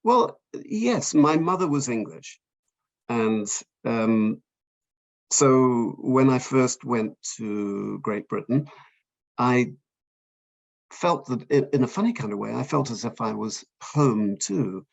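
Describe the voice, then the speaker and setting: An older man from Fiji, an author talking in an interview, hesitant and self-deprecating with many pauses and restarts. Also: medium pitch, expressive, gravelly, dull audio. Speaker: author guest. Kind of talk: conversational interview.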